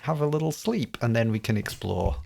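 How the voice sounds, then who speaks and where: Lively gravelly woman player. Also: extremely low pitch, fairly quick. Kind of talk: tabletop role-play.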